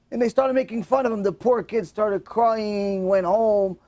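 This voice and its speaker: A man telling a moral story in a sermon, animated and emotional, acting out the voices. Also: high-pitched, unhurried. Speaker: religious storyteller.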